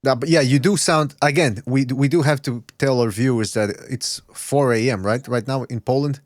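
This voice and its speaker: A male podcast host bantering loosely and profanely with his guests. His mid-pitched voice sits on a dry, close mic. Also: moderate pace, no room sound.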